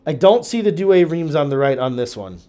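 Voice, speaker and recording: A man in a teaching role walks through a series of charts, his voice sitting a little high for a man. He thinks aloud as he goes, often restarting sentences and checking in with "okay?" The delivery is a casual lecture, not a polished script. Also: animated, a little fast, dark tone. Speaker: Bible teacher.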